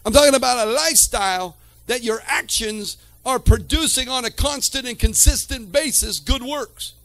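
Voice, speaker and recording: A man preaching a sermon to a church congregation, swinging from quiet talk to shouted lines and calling out to the room. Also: sits high. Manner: calls to the congregation.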